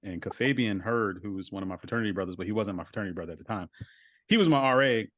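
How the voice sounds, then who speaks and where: A man's voice: fairly low pitch, very fast, no room sound. A man, a voice actor guest, talking over a video call in a casual interview, reflective and full of filler words.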